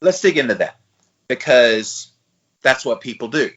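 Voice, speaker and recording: A man in his forties co-hosting a podcast in casual chat, thinking out loud with hesitant restarts. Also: mid-range voice, expressive, a little slow, highs cut off. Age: 40s. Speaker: podcast co-host.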